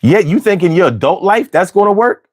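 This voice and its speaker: A man's voice: high-pitched, animated, brisk. A man hosting a late-night livestream, ranting with heavy profanity and talking back to his chat. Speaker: livestream host.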